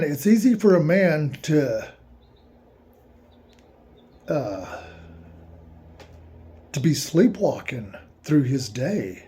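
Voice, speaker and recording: A man's voice: a little high, warm tone. A man musing aloud in a casual monologue, reading passages aloud and commenting on them in a rambling way. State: emotional, eyes watering. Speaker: host reading aloud and reacting.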